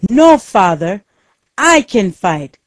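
A woman reading the lines of an angry young prince in a storybook, slowly and carefully, a little higher and louder than her narration. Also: expressive, dry recording, clean studio sound. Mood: defiant.

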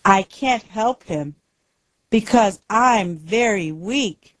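A woman plays a timid little bird from a storybook, sad about his lost father. He speaks gently and extremely slowly, with a lively melody in a dry, close sound. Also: mid-range voice, no echo. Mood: sad, telling. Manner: slow, gentle, simple lines.

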